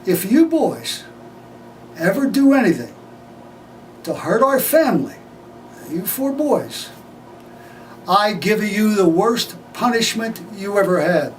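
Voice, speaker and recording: A man's voice: high voice, sing-song, slow, long pauses, recorded from a distance, slight background noise, exaggerated voice, low-quality recording. A man voicing his stern, proud immigrant father, speaking solemn, emphatic broken English.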